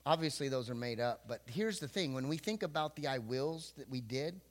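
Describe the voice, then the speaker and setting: A man's voice: medium pitch, brisk. A middle-aged man, a pastor, telling stories in a humorous sermon and acting out quotes in playful voices. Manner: jokey, animated, acts out quotes in voices. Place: church before a congregation.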